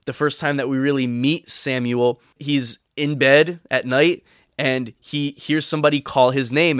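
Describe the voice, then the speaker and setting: A man's voice: mid-range voice, no room sound, clean studio sound. A man giving devotional teaching in an earnest, encouraging way, sometimes acting out the voices he quotes. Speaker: podcast teacher.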